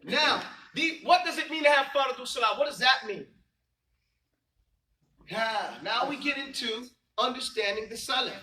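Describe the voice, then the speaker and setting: A man's voice: very high voice, animated, normal speed, bright, forceful tone, roomy sound, distant mic, a little hiss or hum, poor audio. Emphatic man teaching a class. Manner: quizzing students, emphatic and repetitive. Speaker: religious teacher. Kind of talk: classroom lesson with call and response.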